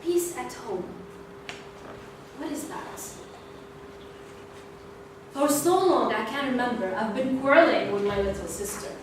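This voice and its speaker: A young woman delivers a prepared club speech in a meeting room, telling a playful story with animation. Her voice is fairly high and lively, at normal speed with long pauses. The mic is distant, the room echoes, and background noise is audible.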